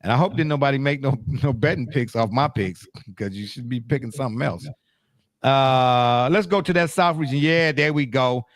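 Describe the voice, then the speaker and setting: A man hosting a casual sports talk livestream, joking and folksy, drawing out words and swinging his pitch widely. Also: moderate pace, no room sound, clean studio sound. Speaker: show host.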